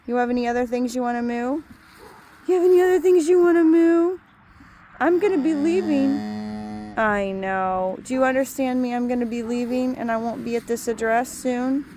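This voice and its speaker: Woman, rambling sing-song baby talk to a farm animal, gravelly, faint outdoor noise on a phone. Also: a little high. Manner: sing-song baby talk to a cow, drifting into soft musings. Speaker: animal lover talking to a cow. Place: outdoors by a cow pasture.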